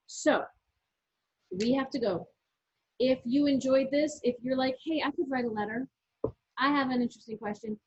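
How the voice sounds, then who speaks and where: Co-hosting a laid-back knitting talk from her own yarn shop, this woman has a high-sitting, gravelly, husky voice with a darkish tone. She explains techniques chattily, one step at a time, often starting over mid-thought, all captured on muffled, lo-fi audio.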